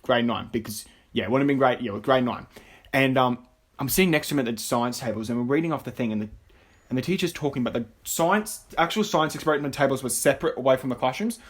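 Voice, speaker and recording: A man's voice: mid-range voice, fast talker, slightly rough. A man co-hosting a casual podcast, telling a school story animatedly and acting out the dialogue between laughs. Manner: animated, acts out quoted dialogue, laughs a lot. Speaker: podcast co-host.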